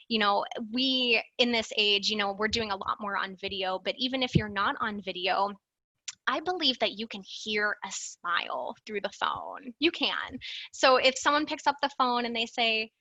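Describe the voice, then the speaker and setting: A woman in her thirties talks through a slide presentation in a loose, conversational way, leaning on fillers and stressing key words. Her voice is bright and forward. It sits close and dry, with no room around it. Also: mid-range voice, unhurried, dry recording, low-quality recording. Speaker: alumni presenter.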